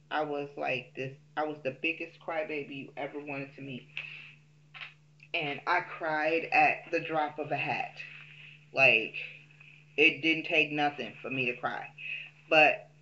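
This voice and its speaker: A woman's voice: low-pitched, sharp tone, muffled recording. A woman telling a personal story in a casual, candid way, with frequent um fillers.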